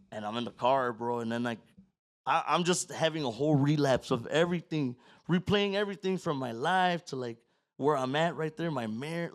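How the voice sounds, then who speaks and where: Profane, animated male storyteller. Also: mid-range voice. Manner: profane, animated, swings from loud to hushed; acts out his own quoted words. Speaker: podcast guest. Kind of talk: casual storytelling.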